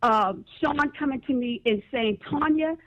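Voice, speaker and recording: Mother guest on a radio show, slightly high voice, kinda dull muffled audio. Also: lively intonation, normal speed. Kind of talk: casual interview.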